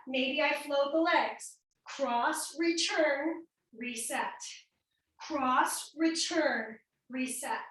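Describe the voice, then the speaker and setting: A woman's voice: high-pitched, pushed and bright. A woman fitness instructor coaching a workout class, counting reps and cueing moves while exercising, a little out of breath. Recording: echoey room, mic at a distance.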